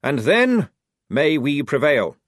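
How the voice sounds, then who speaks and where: A prim young officer, put on by a male reader, speaking in a high, lively voice with clipped, exact phrasing and an air of smug politeness. The recording is close and dry. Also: no echo, exaggerated voice. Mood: crisp. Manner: brisk, precise, pleased with himself.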